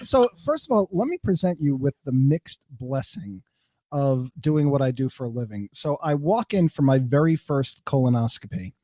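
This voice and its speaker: A middle-aged man who works in radio tells a story as a podcast guest. He acts out the voices of the people in it. His pitch is ordinary and the sound is dry and close. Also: normal speed, dry recording. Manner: animated anecdote teller who acts out the people in his stories. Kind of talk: casual storytelling chat.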